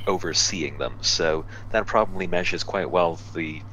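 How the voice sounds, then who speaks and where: A man playing a tabletop game, talking through plans in a dry, deliberate way. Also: sits low, bright, forceful tone, a little hiss or hum, rough recording. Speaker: player. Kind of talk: casual tabletop play.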